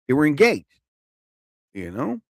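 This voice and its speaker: A man hosting a live comedy stream. He rambles through a story in an animated way and laughs at his own jokes. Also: fairly high pitch, measured pace, vocal fry, dry recording, clean studio sound.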